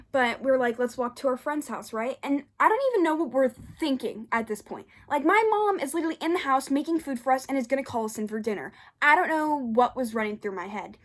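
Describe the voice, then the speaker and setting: A young woman casually telling a personal story, animated and acting out the lines of others with big jumps in voice. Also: a little high.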